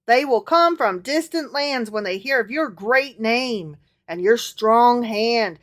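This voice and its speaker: A woman voicing a grand male biblical king praying, with a put-on Southern US accent, reading loudly and slowly as a mock-dramatic scripture reading. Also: fairly high pitch, lively intonation. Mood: solemn mock. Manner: loud, slow, declaiming prayer.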